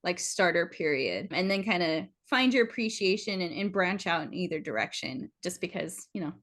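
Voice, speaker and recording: A woman's voice: fairly low pitch, expressive, moderate pace, a bit bright. A woman guest on a casual interview podcast, giving earnest, encouraging advice with frequent fillers.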